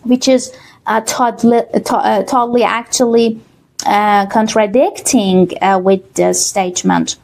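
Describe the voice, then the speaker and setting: A woman English teacher with a Persian accent, explaining exam reading answers slowly, with many fillers and a checking "okay?". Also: medium pitch, fairly even intonation, gravelly, a little mellow. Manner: slow, many fillers, repeats words with "okay?". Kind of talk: online exam-prep lesson.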